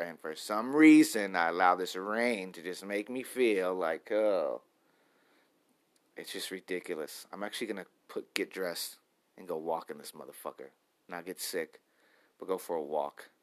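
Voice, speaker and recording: Rambling, self-reflective man in his thirties. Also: low voice. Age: 30s. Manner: rambling, self-reflective, repeats words and phrases. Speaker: vlogger. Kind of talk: stream-of-consciousness daily vlog.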